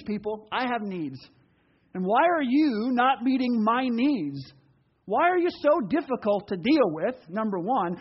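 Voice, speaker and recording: A man preaching a sermon in an animated way, acting out quoted voices. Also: extremely high pitch, slightly rough, dull audio. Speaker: pastor.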